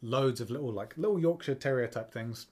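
A man's voice: medium pitch, a little fast, darkish tone. A man co-hosting a podcast in casual chat, rambling with many fillers and restarts. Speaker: podcast co-host.

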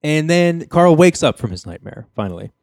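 A man hosting a casual podcast chat, retelling a TV episode with jokes and quick impressions of the characters. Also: fairly high pitch, sing-song, creaky, darkish tone, dry recording, studio quality. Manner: joking storyteller, mimics characters' lines. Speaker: podcast host recapping a sitcom episode.

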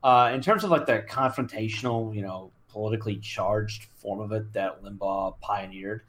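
A man's voice: on the low side, moderate pace, fairly bright tone. Rambling male podcast co-host. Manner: rambling, repeats words, many fillers. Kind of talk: casual chat.

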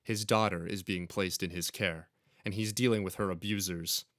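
A man voicing a gentle female doctor who comforts a frightened girl, read in a soft, soothing way for comic effect. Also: low voice, fairly even intonation, normal speed, dry recording, clean studio sound. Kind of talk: comic dramatic reading.

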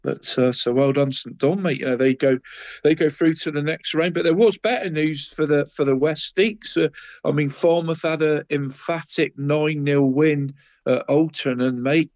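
A man with a slightly high voice chats loosely through football results, nasal and bunged up from a cold. He keeps looping back with "mate" and little tag questions. The sound is close and dry. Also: moderate pace, a little mellow, dry recording. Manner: rambling, says "mate" and "Deeks" constantly. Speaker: co-host, local football roundup. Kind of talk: casual radio chat.

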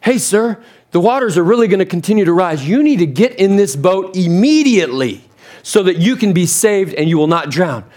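A pastor acts out a police officer on a rescue boat, firm and urgent as he orders a man aboard. The voice pitches up a little with the urgency. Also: lively intonation, moderate pace, darkish tone.

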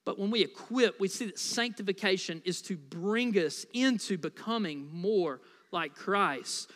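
A man's voice: high voice, measured pace, fairly bright tone, in a large hall. A man preaching a sermon as pastor, from the United States, in a conversational, playful style full of asides to the congregation.

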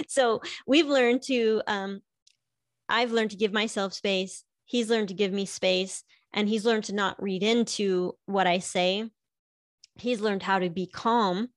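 A woman's voice: medium pitch, dry recording, clean studio sound. A middle-aged woman chatting casually about her marriage, laughing often and filling her talk with "like". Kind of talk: casual personal chat.

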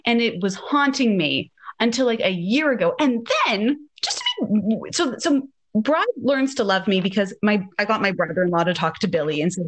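Animated woman telling a story. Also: a little high. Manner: animated, acts out quoted dialogue. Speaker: podcast host. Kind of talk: casual storytelling.

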